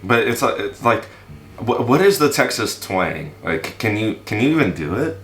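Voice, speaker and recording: A man's voice: on the low side, very animated, moderate pace, a bit bright, reverberant, a little hiss or hum. A man hosting a language-learning vlog, chatting casually with many fillers and restarts. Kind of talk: casual chat in an app voice room.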